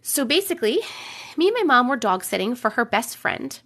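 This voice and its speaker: Young woman, livestream host, high voice, rough from a cold, chatty, hums filler sounds. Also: sing-song, fairly quick, a bit bright. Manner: chatty, hums and scats filler syllables while waiting. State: voice rough from getting over a cold. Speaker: livestream host reading viewer stories. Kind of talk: casual livestream chat and story reading.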